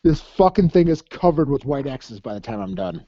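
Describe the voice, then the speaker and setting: A man's voice: a little high, animated, moderate pace, mellow, no room sound, highs cut off. A man co-hosting a podcast, telling crude, laughing, profanity-laced army stories in casual chat. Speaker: podcast co-host. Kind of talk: casual storytelling.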